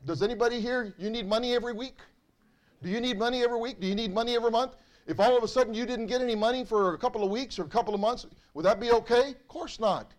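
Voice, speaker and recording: Pastor, male, high voice; emphatic sermon delivery, repeats lines, rhetorical questions to the pews. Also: racing. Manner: emphatic, repeats phrases, asks the congregation questions. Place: church.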